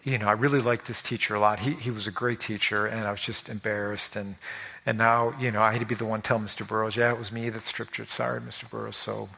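Folksy, animated male preacher. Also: medium pitch. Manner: animated, folksy, frequent repetitions and restarts. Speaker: pastor. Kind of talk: conversational sermon with personal stories.

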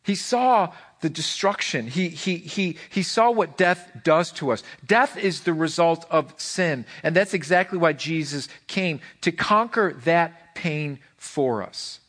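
A man's voice: on the high side, unhurried, few pauses, a bit bright. A man preaching a sermon as pastor, impassioned, with lots of repeated phrases and restarts. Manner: impassioned, repeats phrases, voices God in quotes.

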